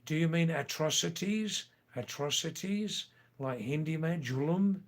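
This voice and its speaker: A man's voice: a little high, unhurried. An older man hosting a casual livestream, reading out viewer comments and answering them with playful, teasing asides. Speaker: livestream host.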